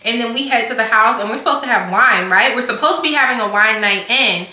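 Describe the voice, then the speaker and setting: A woman's voice: a little high, quick pace, sharp tone. A young woman telling a casual storytime, chatty and rambling, filling her talk with "like". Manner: chatty, rambling, heavy use of "like". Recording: echoey room.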